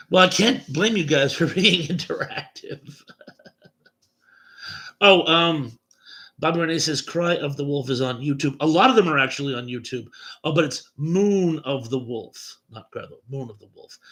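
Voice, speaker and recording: A man's voice: fairly high pitch, fairly bright tone. A man hosting a late-night livestream chat, reading viewer comments aloud and chuckling at them between replies.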